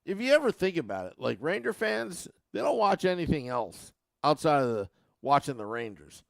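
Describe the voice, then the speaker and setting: Animated man hosting a sports podcast. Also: fairly high pitch, moderate pace, gravelly, no echo, clean studio sound. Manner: animated, mocks fans with a put-on accent. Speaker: podcast host. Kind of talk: casual podcast monologue.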